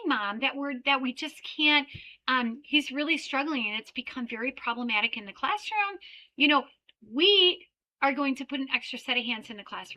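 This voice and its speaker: A woman giving an energetic training talk for child care owners, peppering her points with "right?" and acting out little scenes. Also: high voice, poor audio. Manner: animated, acts out little scenes with children and parents.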